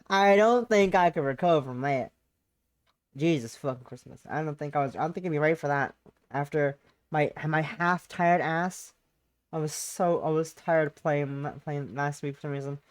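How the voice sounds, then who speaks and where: A woman streaming a visual novel, reacting with loud, profane, mock-outraged commentary. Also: sits low, moderate pace. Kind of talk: casual game stream commentary.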